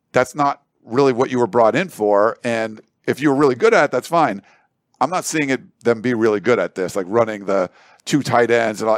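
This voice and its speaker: A male sports talk analyst rambling through his take in a studio, leaning on filler words as he works out his point. His voice sits at an ordinary middle pitch, and the sound is dry and close. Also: dry recording. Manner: rambling, thinks aloud with many "like" fillers and food analogies. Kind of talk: casual studio talk show commentary.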